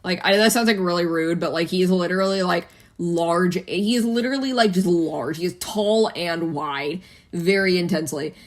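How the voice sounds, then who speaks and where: A woman's voice: on the low side, moderate pace. A teenage girl co-hosting a casual chat, rambling with many fillers and swear words. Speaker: podcast co-host.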